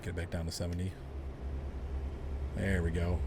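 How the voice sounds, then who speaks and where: A man's voice: low voice, little pitch movement, moderate pace, creaky, background noise. A man casually chatting with viewers while driving in a truck game, rambling and laughing often. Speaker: game streamer.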